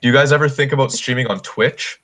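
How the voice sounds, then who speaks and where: A man's voice: mid-range voice, quick pace, fairly bright tone. A man chatting casually and thoughtfully on a live stream.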